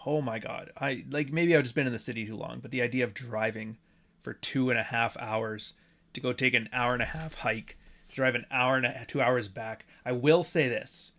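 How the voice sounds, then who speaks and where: Male podcast host, mid-pitched voice, rambling, profane, joking solo chat. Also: fairly bright tone. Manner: rambling, profane, jokey asides.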